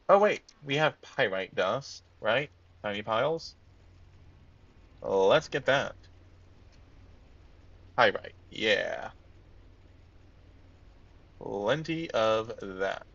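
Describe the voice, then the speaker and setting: A low-pitched man with a gravelly edge thinks aloud as he plays, drifting between quiet mutters and sudden lifts. His voice sits close and dry, with a slightly dull, lo-fi tone. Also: animated, very slow, long pauses. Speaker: let's-play gamer. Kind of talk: casual gameplay commentary.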